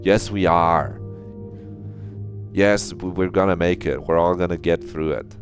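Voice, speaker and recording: A man's voice: sits low, fairly even intonation, a little slow. A man streaming a visual novel, chatting casually with his viewers in a jokey, crude and laughing way. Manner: jokey, talks to chat, laughs often, crude asides. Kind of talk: casual live-stream chat. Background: game music.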